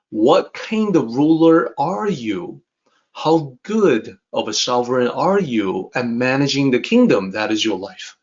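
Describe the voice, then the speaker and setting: A man explaining an ancient text as a teacher, in a calm, measured lecture that repeats points for emphasis. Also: medium pitch. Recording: dull, slightly muffled recording.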